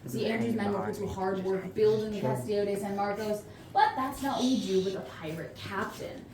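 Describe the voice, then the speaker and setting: A young woman guiding a ghost tour, telling scripted stories with playful puns and chatting with the crowd. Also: mid-range voice. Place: outdoors on a night tour stop. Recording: echoey, distant, faint noise.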